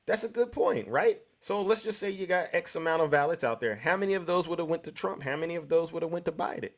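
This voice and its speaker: A man's voice: a little high, expressive, quick pace. A man hosting a live call-in show who debates a caller in a pressing, rhetorical way, keeps asking "right?" and cuts in to steer the talk.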